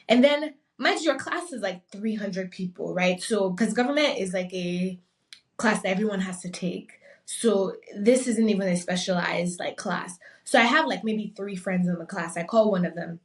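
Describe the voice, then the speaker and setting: Young woman from nigeria telling a story on a podcast, animated, plays all the voices, sits a bit back from the mic. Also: mid-range voice, normal speed, far from the mic. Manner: animated, acts out quoted voices. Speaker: podcast guest. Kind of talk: casual storytelling.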